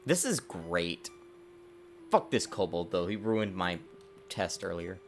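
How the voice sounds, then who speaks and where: A man streaming his game development work, talking to himself in a lively, self-mocking way. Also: deep voice, takes it slowly, slight background noise. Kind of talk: casual livestream dev commentary.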